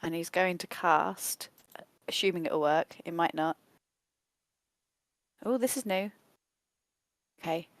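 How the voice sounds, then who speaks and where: A woman's voice: lowish voice, slow, pauses often, dry recording. A woman playing a tabletop game, chatty and laughing as she thinks aloud about her character. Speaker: player.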